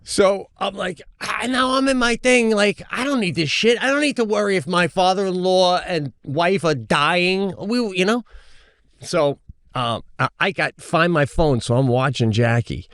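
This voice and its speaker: A man co-hosting a comedy podcast, telling a long story in a lively way, jumping into high-pitched voices when he quotes others and swearing casually. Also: a little slow, dry recording, studio quality. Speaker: podcast co-host.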